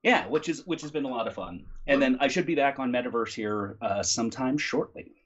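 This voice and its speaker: A man chatting casually as a guest voice actor, relaxed and rambling, with many ums and uhs, from a home recording room. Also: medium pitch, brisk, dull audio. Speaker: guest voice actor and audiobook narrator. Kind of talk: casual chat. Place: home recording room, not studio quality.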